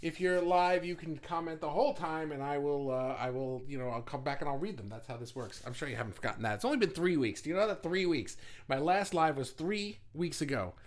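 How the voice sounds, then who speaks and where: A man hosting a casual livestream, chatty and rambling, with many restarts, talking fast and swearing now and then. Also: fairly high pitch. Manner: talks fast. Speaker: livestream host.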